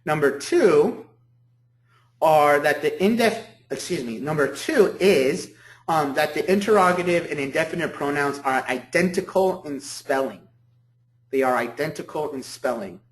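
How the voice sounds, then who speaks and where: A man lectures as a professor in a room with a lot of echo. His voice sits a little high, and he repeats each key point, then checks with "okay?". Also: expressive, unhurried. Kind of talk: university lecture. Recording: echoey room.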